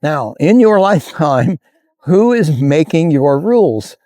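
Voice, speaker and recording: A man telling a motivational story in a folksy, animated way, acting out the characters' dialogue. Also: a little high, a little slow, dry recording, clean studio sound. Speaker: motivational speaker. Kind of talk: storytelling talk to camera.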